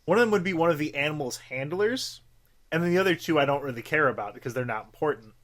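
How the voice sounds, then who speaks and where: A young man with a high-leaning, expressive, fairly bright voice talks fast as a podcast co-host. He rambles through casual chat packed with fillers and swearing.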